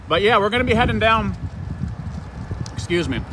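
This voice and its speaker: A man co-hosting an outdoor live stream who greets viewers by name in an excitable, friendly way. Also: sits high, unhurried, gravelly. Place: outdoors in a town square. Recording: noisy outdoor street sound.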